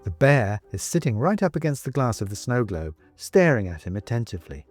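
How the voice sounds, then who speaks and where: Lively male storybook narrator. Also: fairly low pitch, fairly quick, few pauses, no room sound, soft background music. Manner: lively, expressive. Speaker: audiobook reader.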